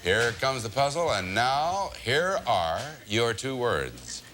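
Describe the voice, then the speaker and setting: A man hosting a TV game show, brisk and jokey, chuckling as he moves things along. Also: medium pitch, very animated. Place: TV studio with live audience. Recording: old TV broadcast with audience and music.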